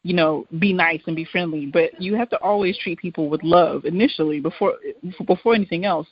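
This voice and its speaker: Fast-talking earnest police officer. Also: male voice, a little high, husky, no echo. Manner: earnest, speaks from experience, some restarts. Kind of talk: casual discussion. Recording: dull lo-fi sound.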